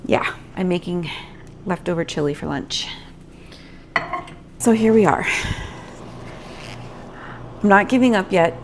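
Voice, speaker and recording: A woman's voice: lowish voice, takes it slowly, gravelly, pauses often, darkish tone, a little hiss or hum. A woman vlogging candidly to camera, venting her frustration frankly while nursing a migraine. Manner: frank, venting, self-reflective. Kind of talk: candid talking-to-camera vlog.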